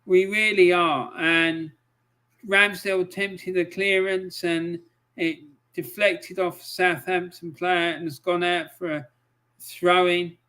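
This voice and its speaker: A man giving live match commentary on a stream, swearing often and breaking into angry outbursts between calm play-by-play. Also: high voice, slow pace, smooth.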